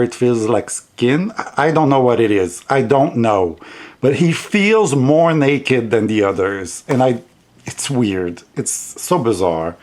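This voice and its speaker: On his tarot vlog, this man speaks in a slightly mellow, mid-range voice with a strong non-native English accent. His talk is casual and meandering, punctuated by giggles.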